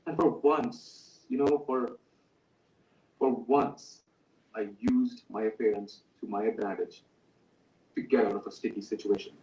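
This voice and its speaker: A man's voice: fairly low pitch, level tone, unhurried, pauses often, darkish tone, a little hiss or hum, natural voice. An actor playing an ordinary man under interrogation who pleads and stammers to defend himself. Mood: pleading. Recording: roomy echo, distant mic.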